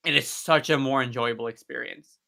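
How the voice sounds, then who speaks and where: A man's voice: medium pitch, fairly even intonation, fairly quick, creaky, sharp tone. A man hosting a casual live stream chat, talking eagerly and explaining things at length. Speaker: host.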